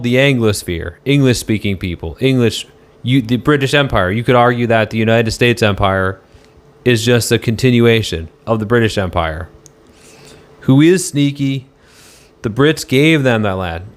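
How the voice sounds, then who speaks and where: A man on a casual live stream, answering chat in a rambling, argumentative way and swearing now and then. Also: mid-range voice.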